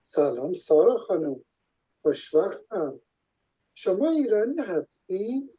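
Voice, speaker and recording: A man playing a husky fast Shirazi guy. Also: high-pitched, very animated, warm tone, heavily acted, rough recording. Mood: friendly. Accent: Shirazi Persian. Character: friendly young Iranian man meeting a stranger. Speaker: man in a recorded Persian dialogue. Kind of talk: scripted language-course dialogue.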